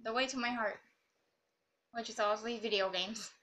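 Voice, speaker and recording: A woman's voice: on the high side, steady tone, normal speed, sharp tone, a little hiss or hum. A woman rambling and joking through casual gameplay commentary. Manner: rambling, silly and jokey. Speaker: gamer.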